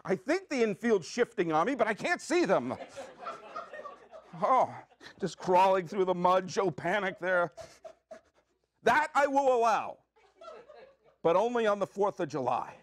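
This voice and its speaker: A man hosting his own podcast, talking in an excitable, jokey, rambling way with quick asides from a community media studio. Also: high voice. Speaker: podcast host. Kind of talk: comic solo podcast monologue.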